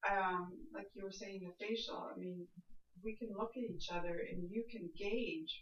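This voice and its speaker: A woman's voice: mid-range voice, steady tone, moderate pace, fairly bright tone, a little hiss or hum. A woman student in a class, thinking aloud and restarting her sentences as she explains an idea. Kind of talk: class discussion. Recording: echoey room, dull lo-fi sound.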